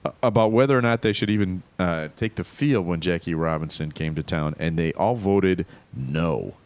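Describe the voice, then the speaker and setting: A man co-hosting a casual comedy podcast, telling stories in a wry, animated way. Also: sits low, moderate pace. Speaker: podcast co-host.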